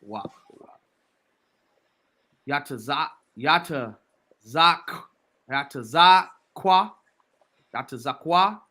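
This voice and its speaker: A man slowly reading scripture aloud, sounding out each word syllable by syllable. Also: a little high, expressive, bright, forceful tone, slight background noise. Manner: halting, sounds out words syllable by syllable. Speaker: reader.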